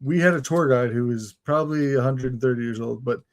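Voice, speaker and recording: A man's voice: medium pitch, fairly quick. A young man co-hosting a casual comedy chat show, telling rambling stories and laughing as he goes. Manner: storytelling, laughing often, dropping into silly voices. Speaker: co-host.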